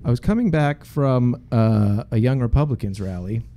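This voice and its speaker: A man's voice: medium pitch, normal speed, slight background noise. A man from Boston, a podcast co-host telling stories in a casual chat and putting on voices for the people in them. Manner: animated, puts on voices in his stories.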